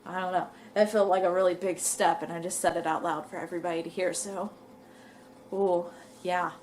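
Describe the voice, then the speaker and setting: A young knitting vlogger chats casually to camera, rambling and a little out of breath, and she says "y'all." Her voice sits on the low side with a darkish tone and fairly even intonation, and she talks fairly quickly. There's slight background noise.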